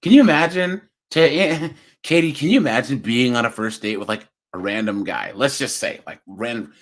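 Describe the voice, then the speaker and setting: A man's voice: mid-range voice, moderate pace, a bit bright. A young man hosting a live reaction stream, chatting loosely with his viewers and laughing often. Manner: chatty, laughing, addresses chat as guys and dude. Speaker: reaction video host. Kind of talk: casual live-stream commentary.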